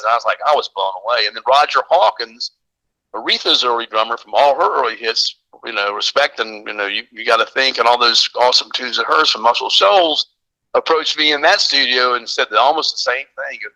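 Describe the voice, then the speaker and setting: Older southern drummer guest, rambly excited stories, sharp bright voice. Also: male voice, medium pitch, fairly quick, no echo, poor audio. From American South. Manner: rambling, enthusiastic storyteller. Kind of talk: casual phone-in storytelling.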